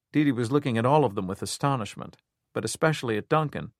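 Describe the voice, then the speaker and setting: A man narrating a crime thriller audiobook in a steady storytelling manner. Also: medium pitch, fast, no echo, clean studio sound. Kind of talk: scripted narration.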